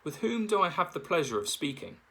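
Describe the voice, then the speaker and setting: A man voicing a kind, calm female robot who speaks in a polite, formal manner. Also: medium pitch, brisk, vocal fry, slightly rough, full character voice.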